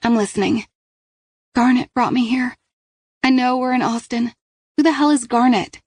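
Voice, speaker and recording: A woman's voice: on the high side, moderate pace, slightly rough, no room sound, voice pushed up. Woman doing a frantic runaway teen girl. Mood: panicked. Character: panicked runaway teenage girl, defiant.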